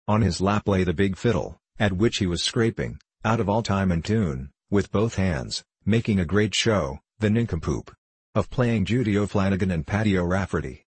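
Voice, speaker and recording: A man reading a comic story aloud as narrator, in a theatrical, lively manner. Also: sits low, normal speed, breathy edge, no echo.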